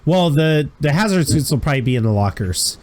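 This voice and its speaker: A man's voice: on the high side, expressive, fairly quick. A man running a tabletop role-playing game as game master, narrating scenes in a casual, descriptive way. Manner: casual, descriptive, chuckling asides.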